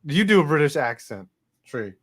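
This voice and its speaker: A man's voice: on the high side, very animated, a little fast, a bit bright. Casual, joking sports-podcast man. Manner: loose, swearing, jokey asides. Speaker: podcast co-host reading listener comments.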